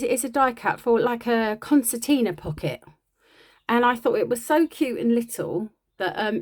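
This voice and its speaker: Showing off the craft supplies she's picked up, a crafting vlogger chats casually and rambles slightly, with a self-deprecating manner. Her voice is medium-pitched with a darkish tone.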